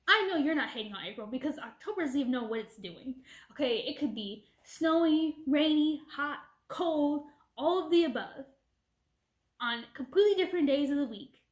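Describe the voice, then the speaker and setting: A young woman rants through a casual storytime, replaying a conversation line by line. Her voice sits high and bright in pitch, and the room rings around her with a noticeable echo. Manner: animated retelling with quoted back-and-forth. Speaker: vlogger. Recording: echoey room.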